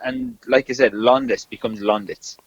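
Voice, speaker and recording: A man's voice: lowish voice, normal speed, dry recording, highs cut off. An Irish man co-hosting a podcast, teasing and stubbornly sticking to his claims in casual chat. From Ireland. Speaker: podcast co-host.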